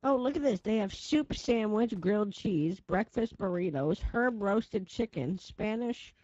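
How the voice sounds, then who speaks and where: A woman's voice: medium pitch, lively intonation, unhurried, a little mellow, no echo, dull audio. A woman playing a chatty, fussy elderly woman in a game role-play, who keeps calling out a name. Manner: chatty, sweetly fussing, calls out a name over and over.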